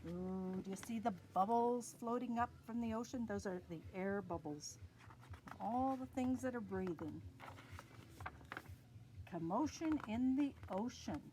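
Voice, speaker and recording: A woman with a Canadian accent reading a picture book aloud to young children in a slow, sing-song, expressive way. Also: medium pitch, a little hiss or hum. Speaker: early years storyteller.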